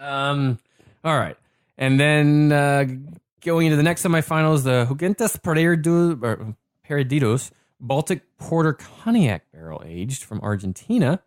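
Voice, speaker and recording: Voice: mid-range voice, expressive, measured pace, clean tone, no echo, studio quality. A podcast co-host chatting casually, playful and hesitant, with many fillers. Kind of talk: casual chat.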